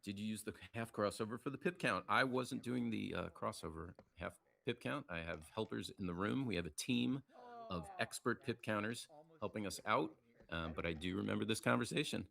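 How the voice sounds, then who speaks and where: A man's voice: brisk, creaky. A man giving live play-by-play commentary on a backgammon match, chatty and casual, reading out viewer comments and keeping his voice down so the players won't hear him. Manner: lowers his voice to stay quiet near the players.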